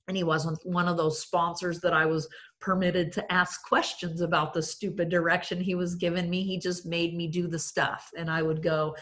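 A woman's voice: on the low side, fairly bright tone. A woman sharing her recovery story at a meeting, self-mocking and funny, and she keeps addressing the room directly. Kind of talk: humorous personal testimony at a recovery meeting.

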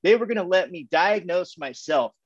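A man's voice: sits high, animated, moderate pace, no room sound, dull audio. A man telling his recovery story at a meeting in a loose, rambling way, with lots of fillers and restarts and frequent laughs. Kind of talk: casual personal story share. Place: home via video call.

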